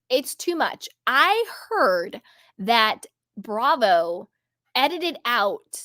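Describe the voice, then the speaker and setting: Emphatic woman host, higher voice. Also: very animated, very slow, sharp tone, no echo, studio quality. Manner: emphatic, repetitive, rambling asides. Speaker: commentary channel host. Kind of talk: casual opinion commentary.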